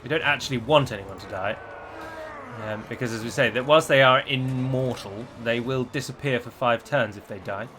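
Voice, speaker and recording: A man's voice: mid-range voice, moderate pace, fairly bright tone, slight background noise. A man commenting on his own strategy game, chatty and wry, asking his units what they are doing. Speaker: gameplay commentator.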